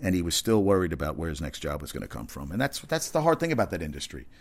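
A man's voice: deep voice, big pitch swings, fast talker. A man hosting a casual talk segment, rambling through sports news and comedy anecdotes. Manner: rambling, conversational, with restarts and asides. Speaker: talk show host.

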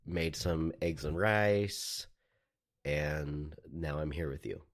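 A man's voice: a bass voice, takes it slowly. A man co-hosting a podcast, teasing his friends in goofy casual chat. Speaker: podcast co-host.

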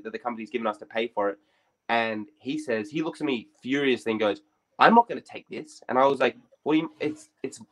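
A young man hosting a podcast, telling a story in a rambling, sweary, animated way. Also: medium pitch, rough recording. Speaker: podcast host. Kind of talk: casual storytelling.

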